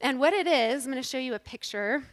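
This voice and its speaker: A woman giving a humorous, self-deprecating inspirational talk to a live audience on stage, animated and joking. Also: high-pitched, fast talker. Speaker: inspirational speaker at a women's event.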